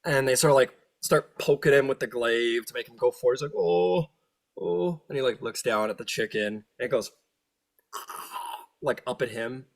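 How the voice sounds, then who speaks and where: A man narrating as game master, animated and laughing, often jumping into silly voices. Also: mid-range voice, fairly quick.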